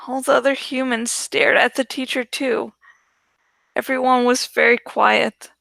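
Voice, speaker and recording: A woman reading a novel aloud in first-person audiobook narration, slow and deliberate. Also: a little high, fairly even intonation, vocal fry, fairly bright tone, no echo. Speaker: audiobook reader.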